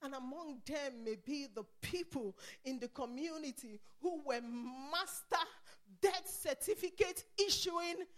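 A woman preacher delivering a fervent sermon, swinging from hushed passages to shouted exhortation and slipping into tongues. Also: sits high, measured pace. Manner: speaks in tongues between phrases.

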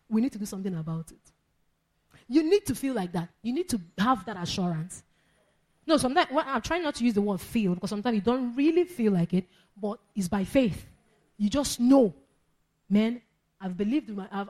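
A woman's voice: fairly high pitch, a little mellow. Emphatic woman preaching. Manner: emphatic, repeats phrases, laughs between points. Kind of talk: sermon.

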